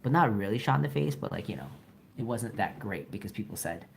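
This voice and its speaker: A man's voice: on the low side, animated, fast, vocal fry, slight background noise. Young male livestreamer, playful and teasing, casual chat with viewers while drawing. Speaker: livestreaming artist.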